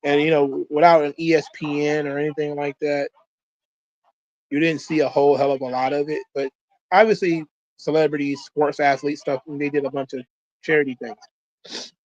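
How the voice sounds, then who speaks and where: A man's voice: fairly high pitch, little pitch movement, normal speed, no room sound, dull audio. A man hosting a wrestling watch-along, talking in a loose, rambling way with frequent swearing. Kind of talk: casual commentary.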